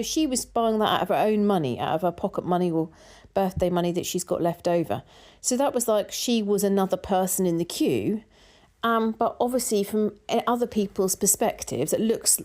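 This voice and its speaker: A woman's voice: medium pitch, mellow. A woman telling a story in a casual vlog, chatty and full of quoted dialogue. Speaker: vlogger.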